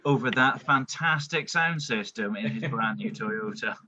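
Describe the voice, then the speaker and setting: A man's voice: mid-range voice, measured pace, dull audio, a crowd in the background. A man playing a tabletop game, stammering as he plays a suave British agent in character. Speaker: player.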